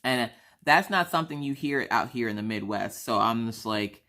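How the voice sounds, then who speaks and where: A woman's voice: rumbling low, normal speed. A woman from South Carolina with a mixed Southern accent, chatting casually and telling a story while acting out the people in it. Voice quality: animated, acts out other people in the story. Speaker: craft vlogger.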